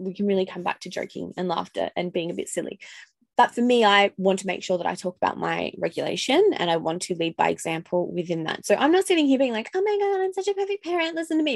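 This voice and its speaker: A woman's voice: mid-range voice, creaky, dry recording, clean studio sound. A woman in her thirties hosting a casual solo podcast, talking candidly with swearing, laughter and acted-out outbursts. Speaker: podcast host.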